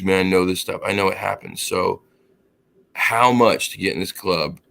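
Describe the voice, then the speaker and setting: A man chatting casually on a podcast, telling an anecdote and acting out the dialogue with lively quoted voices. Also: sits low, normal speed, vocal fry. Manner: animated, acts out quoted dialogue; laughs while telling the story. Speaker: podcast co-host. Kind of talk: casual storytelling chat.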